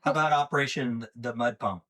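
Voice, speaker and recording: A man's voice: medium pitch, bright, forceful tone. A man hosting an interview, asking short casual questions and adding brief asides. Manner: quick, brief prompts and asides. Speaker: podcast host, interviewer.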